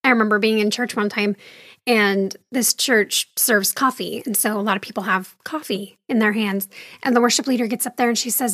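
A woman's voice: mid-range voice, steady tone, normal speed, a bit bright, no room sound, studio quality. A woman telling a candid personal story about her faith in a conversational monologue, with wry asides and the occasional sigh. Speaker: speaker sharing her faith journey.

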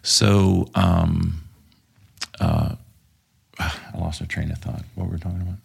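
A man's voice: low voice, very animated, slow pace, gravelly, slightly rough. A man from Texas, telling war stories as a podcast guest, swearing freely and rambling with lots of fillers. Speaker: podcast guest, former police officer. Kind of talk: casual storytelling interview.

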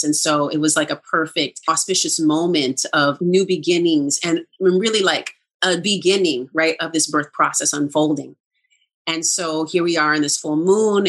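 A middle-aged woman telling a personal story in casual conversation, animated and acting out quoted lines, with frequent laughs. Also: low voice.

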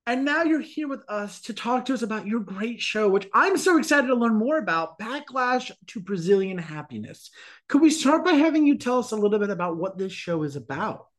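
A man's voice: very high-pitched, lively intonation, fairly quick, few pauses, a bit bright. A man hosting a theater podcast, reading an enthusiastic intro and asking interview questions. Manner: upbeat, enthusiastic presenter. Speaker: podcast host.

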